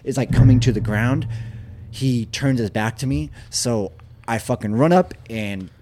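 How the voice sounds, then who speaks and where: A man's voice: medium pitch, a little slow, darkish tone. A young man in casual chat, jumping in on a shared story, swearing freely and acting out punches. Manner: casual, profane, acts out quotes and punch sounds.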